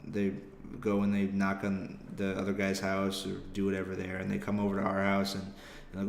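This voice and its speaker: A young adult male comedian, hosting his podcast, delivers a casual comedic monologue, telling a rambling, profane story at his own expense. His low voice is completely flat and moves at a moderate pace, and the recording has a roomy echo.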